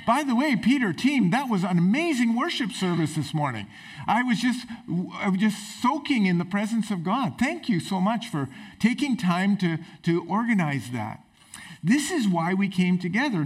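A man preaching a sermon in a church, emphatic and exclamatory. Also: high-pitched. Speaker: pastor. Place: church sanctuary.

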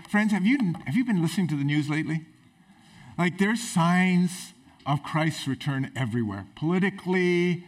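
A man preaching a sermon in a church, emphatic and exclamatory. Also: a little high. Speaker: pastor. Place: church sanctuary.

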